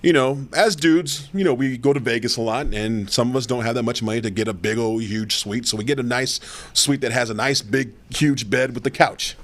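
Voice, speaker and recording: A man's voice: medium pitch, a little fast. A man telling long, loose stories in a casual podcast chat, rambling and swearing, full of fillers. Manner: rambling, profane, full of fillers and "you know".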